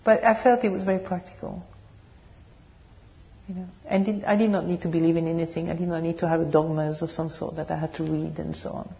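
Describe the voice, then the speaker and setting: A woman with a French accent tinged with British English, giving a meditation talk and answering questions in a gentle, searching way. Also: low voice, flat delivery, fairly quick, gravelly. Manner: gentle, searching, laughs softly, asks the audience questions. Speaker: meditation teacher. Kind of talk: dharma talk with Q&A. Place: meditation hall.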